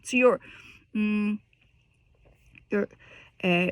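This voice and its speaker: A woman's voice: medium pitch, extremely slow, clean tone, no echo. A woman teaching a singing lesson, explaining technique with lots of restarts and breaking into short sung and spoken demonstrations.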